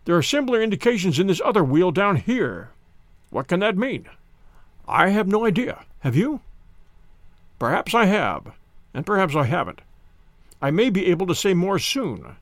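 Lively male storybook narrator. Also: sits high, no echo. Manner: measured, dramatic reading. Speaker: audiobook reader. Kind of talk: scripted first-person story narration.

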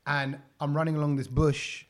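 A man in a casual podcast chat, telling animated anecdotes and acting out the voices of people in them. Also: fairly high pitch, moderate pace. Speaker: podcast host and comedian.

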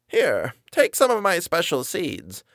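A stout old woman with a high, quavering voice, sweet and a little strange, the way a man does her within a story. Her words come with a gentle wobble. The sound is dry and close. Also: wildly swooping pitch, takes it slowly, no room sound, full character voice. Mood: sweet, doddering.

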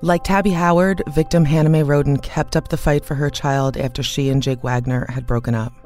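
A man narrates a podcast from a script, measured and even in his reading. Faint music plays beneath his voice. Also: a little high. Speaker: podcast host.

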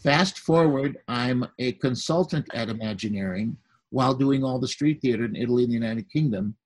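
A man's voice: mid-range voice, a little fast, a little mellow, poor audio. An older man, a podcast guest, telling a long story in easy conversation and acting out the people he quotes.

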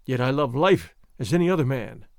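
A man voicing a dashing, gallant masked highwayman who speaks in flowery, bold phrases. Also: expressive, brisk, dry recording, studio quality, natural voice. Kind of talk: audiobook character voice.

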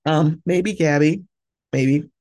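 In a slow, low, warm voice with no echo, a woman hosts a solo podcast about reality TV. Her casual talk is emphatic and full of swearing, and she performs the voices of those she quotes.

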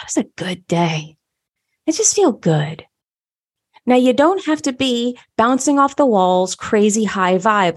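Upbeat woman teaching with emphatic repetition. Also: medium pitch. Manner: upbeat, emphatic, repeats phrases for stress. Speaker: human design teacher. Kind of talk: motivational teaching monologue.

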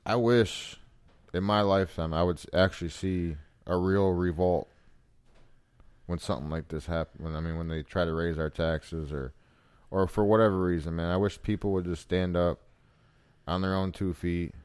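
A man's voice: low-pitched, steady tone, normal speed, a little mellow, clean tone, no echo. A man co-hosting a podcast, talking in a blunt, swearing casual chat. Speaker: podcast co-host.

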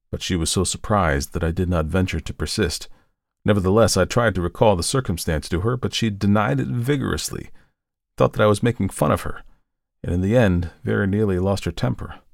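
A male narrator reads a first-person tale in a measured, steady way. His voice sits low with a gravelly texture. The recording is dry and close with no room sound. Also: no echo. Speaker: audiobook narrator.

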